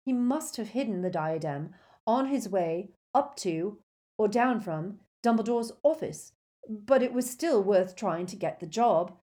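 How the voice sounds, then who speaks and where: A woman narrating a storybook in a steady, measured way. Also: mid-range voice.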